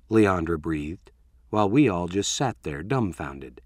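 A man's voice: sits low, expressive, measured pace, no echo, studio quality. A man narrating a first-person story in a wry, conversational way.

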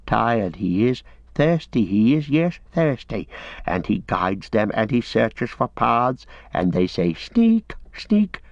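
A man's voice: mid-range voice, sing-song, slow pace, vocal fry, no echo, exaggerated voice. A man voicing a wretched, starved, sly creature that hisses and wheedles, in a dull lo-fi recording. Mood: hissing bitter. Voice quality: hissing, wheedling.

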